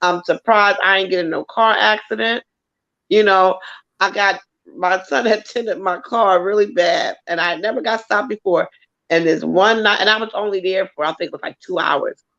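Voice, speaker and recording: A woman tells a story in relaxed, casual chat, her voice gravelly with fry. She talks in an animated way and swears freely, and the audio sounds dull and lo-fi. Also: medium pitch, normal speed. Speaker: co-host.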